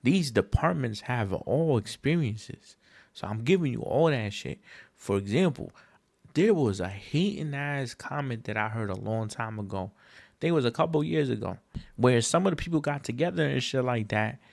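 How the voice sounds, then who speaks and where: A man hosting a podcast in a casual solo monologue, with an emphatic, slangy, profane rant that jumps up in pitch when he gets exasperated. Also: animated, normal speed, gravelly, a little mellow. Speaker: podcast host.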